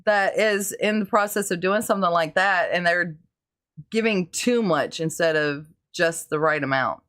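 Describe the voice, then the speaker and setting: A woman's voice: lowish voice, normal speed, fairly bright tone, clean tone. A woman hosting a casual podcast interview, agreeing readily and laughing often. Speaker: podcast host.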